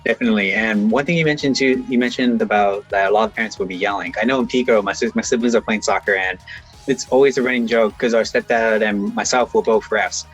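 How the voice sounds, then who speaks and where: A man's voice: lowish voice, steady tone, fast, slightly rough, faint music behind, rough recording. A man co-hosting a casual podcast, talking hesitantly and searching for words. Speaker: podcast co-host. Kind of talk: casual chat.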